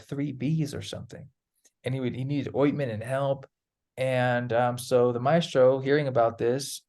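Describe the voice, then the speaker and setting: A man's voice: medium pitch, darkish tone. A man chatting as a guest, telling a loose, rambling story with plenty of fillers and casual swearing. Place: Peru.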